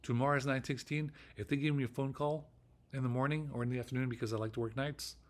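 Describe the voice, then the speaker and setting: A man's voice: mid-range voice, steady tone, quick pace. Ranting middle-aged man rambling solo. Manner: ranting, profane and repetitive, with restarts. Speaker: vlogger.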